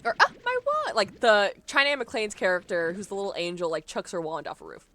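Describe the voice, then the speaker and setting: A woman's voice: medium pitch, expressive, brisk, bright, forceful tone. A young adult woman streaming a game live, chatting casually and rambling, often breaking into laughs. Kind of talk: casual live-stream chat while gaming.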